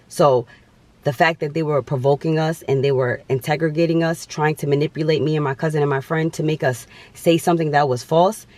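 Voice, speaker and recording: Emphatic young man telling a story. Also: mid-range voice. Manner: emphatic, dramatic storytelling with repetition. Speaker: vlogger. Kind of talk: storytime vlog.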